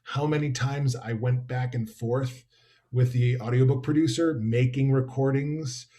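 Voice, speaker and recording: A man's voice: mid-range voice, steady tone, a little slow, warm tone. A man author speaking conversationally over a video call, thoughtful and expansive with wry asides.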